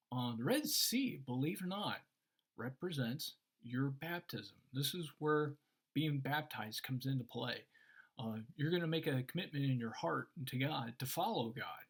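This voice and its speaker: Man, christian teacher, casual chat, lively storyteller, mid-pitched voice. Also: unhurried, breathy edge. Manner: animated storyteller, acts out voices in anecdotes. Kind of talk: casual faith discussion.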